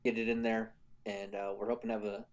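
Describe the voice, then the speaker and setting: Relaxed male podcast co-host. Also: on the low side, fast talker. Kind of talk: casual podcast chat.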